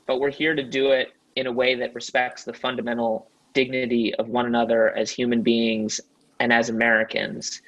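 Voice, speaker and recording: A man hosting a podcast interview, speaking in an earnest, measured and articulate way. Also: medium pitch, a bit bright, highs cut off. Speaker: podcast host.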